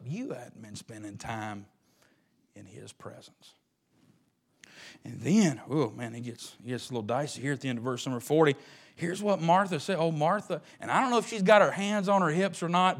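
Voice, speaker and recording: A man preaching a sermon with passion, rising to loud peaks and dropping to hushed murmurs. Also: medium pitch, normal speed, long pauses. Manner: impassioned, swinging from loud rises to hushed murmurs.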